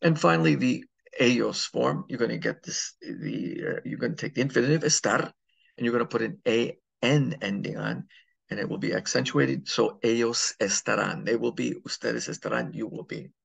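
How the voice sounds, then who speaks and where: A man's voice: mid-range voice, moderate pace, vocal fry, husky. A man teaching a grammar lesson, walking through examples step by step and checking understanding with frequent "okay?"s. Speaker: Spanish teacher. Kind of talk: classroom lesson.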